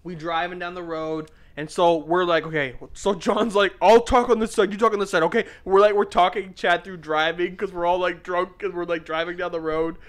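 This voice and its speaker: A young man hosts a podcast, his voice sitting high and moving a little fast with hardly any pauses. In casual chat he tells an animated party story, swearing and acting out the quotes.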